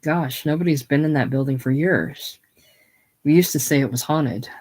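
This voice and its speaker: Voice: medium pitch, moderate pace, a little mellow, breathy edge, lightly acted. A reader voicing David, a plain-spoken young garage owner of about twenty-one, friendly but a bit tense. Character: young small-town garage man, about 21.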